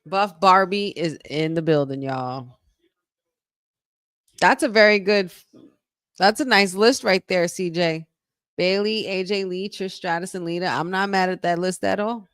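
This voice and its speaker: A woman's voice: on the low side, unhurried, fairly bright tone, clear, resonant tone, no echo, clean studio sound. A woman co-hosting a wrestling podcast, chatting casually during a live watch-along, reacting aloud and reading viewer comments.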